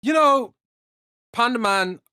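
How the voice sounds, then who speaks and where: A man's voice: very high voice, expressive, takes it slowly, pushed and bright, clean tone, no echo, clean studio sound. Rambling, swearing young man on stream. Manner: rambling, joking, swears a lot, trails off. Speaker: podcast host reading live chat. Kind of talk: casual livestream chat.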